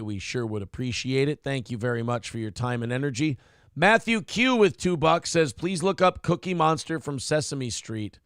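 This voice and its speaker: Gravelly wisecracking morning show host. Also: male voice, mid-range voice, no room sound, clean studio sound. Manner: profane, wisecracking, reads viewer comments aloud. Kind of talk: casual morning show banter.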